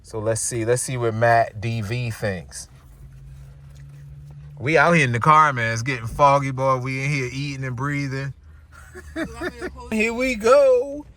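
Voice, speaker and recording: A middle-aged man from New Jersey hosting a casual vlog on a handheld phone, lively and chatty, calling his viewers y'all. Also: mid-range voice, normal speed. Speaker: vlogger host. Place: restaurant and parked car. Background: music playing.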